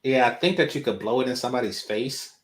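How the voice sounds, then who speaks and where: A man's voice: mid-range voice, fast talker. A man co-hosting a casual reaction chat, talking loosely with many fillers. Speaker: co-host. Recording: roomy echo.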